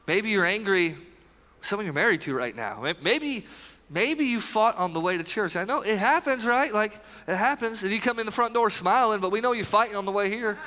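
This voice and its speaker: Bright high-voiced pastor, joking sermon. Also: male voice, in a large hall. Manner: conversational, talks straight to the congregation with quick asides. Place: church sanctuary, live service.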